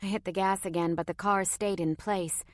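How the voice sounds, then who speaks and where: A woman narrates a first-person story with tense, dramatic delivery. Her voice sits at an ordinary middle pitch. The recording is dry and close, with no room sound. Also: steady tone, normal speed, no room sound. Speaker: audiobook narrator.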